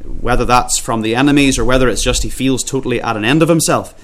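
A man preaching an earnest expository sermon, often repeating words and slowing down when he quotes scripture. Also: medium pitch, fairly bright tone. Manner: slows down when quoting scripture.

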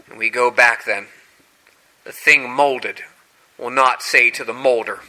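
A man preaching a sermon, telling scripture stories dramatically and acting out the quoted lines with big swings in pitch and loudness. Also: steady tone, measured pace, long pauses, rough recording.

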